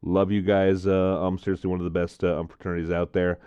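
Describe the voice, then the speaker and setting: A man's voice: sits low, level tone, quick pace, warm tone, clear, resonant tone, dry recording, highs cut off. A man vlogging casually, tasting drinks and telling a story, rambling with lots of fillers.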